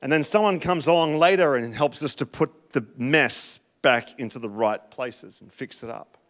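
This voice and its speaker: A middle-aged man with an Australian accent preaching a sermon, telling a personal story with emotional, animated delivery and big swings in loudness. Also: medium pitch, normal speed. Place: church.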